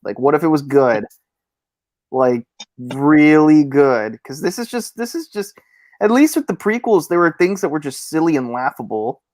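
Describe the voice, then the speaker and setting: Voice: mid-range voice, animated, normal speed, a little mellow, no echo. Blunt, sarcastic co-host ranting, dry sound. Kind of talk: casual podcast chat.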